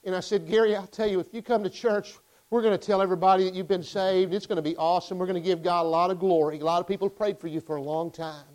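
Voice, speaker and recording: A pastor preaches with a fast, driving delivery. His voice is high for a man, and his tone stays smooth and resonant. He tells his story in impassioned, emphatic bursts. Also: fairly even intonation, darkish tone, rough recording. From Arkansas. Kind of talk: sermon.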